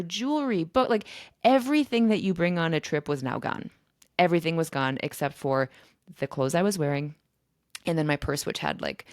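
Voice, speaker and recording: Chatty woman host, low and dry. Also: no room sound. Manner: chatty and animated, with fillers and laughs. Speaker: podcast host. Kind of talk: casual storytelling monologue.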